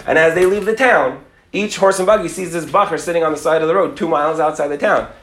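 A man's voice: on the high side, quick pace, a bit bright, roomy sound. A middle-aged man, a rabbi, telling a dramatic story and acting out its characters, dropping Yiddish and Hebrew words. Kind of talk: animated storytelling talk.

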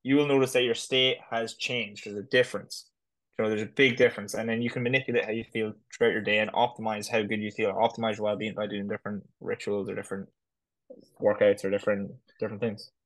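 A man talks quickly on a podcast as co-host. His speech is casual and meandering, packed with "like" and "sort of stuff". He keeps up a hurried, loose flow. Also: fairly low pitch, level tone, poor audio. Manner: rambling, fillers like "like" and "sort of stuff". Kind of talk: casual chat.

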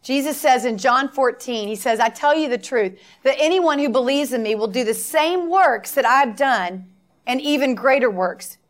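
A middle-aged woman preaching a sermon, telling stories and acting out the dialogue with emphatic repetition. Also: fairly high pitch.

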